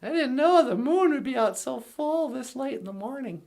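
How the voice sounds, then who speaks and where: A woman's voice: sits high, lively intonation, moderate pace, vocal fry, a little mellow. A woman hosting a comedy show, chatty and playful. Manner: chatty, playful, fond of fillers. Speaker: host.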